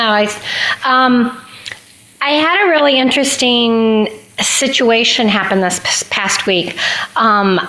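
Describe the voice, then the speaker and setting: A woman's voice: fairly high pitch, a bit bright. A woman on a group call, telling a story hesitantly with frequent fillers. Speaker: group participant. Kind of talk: casual storytelling. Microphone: video call. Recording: echoey room on a call.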